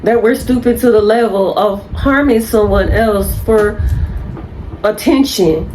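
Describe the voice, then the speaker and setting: A woman's voice: medium pitch, unhurried, warm tone, faint music behind, low-quality recording. A woman in her fifties lecturing her viewers in an unscripted rant, blunt and profane. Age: 50s. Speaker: spiritual content creator.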